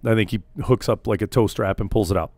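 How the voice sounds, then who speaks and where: A man's voice: lowish voice, steady tone, quick pace, darkish tone, dry recording. A man, hosting a casual radio show and telling a rambling family story, acting out the people in it. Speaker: podcast host.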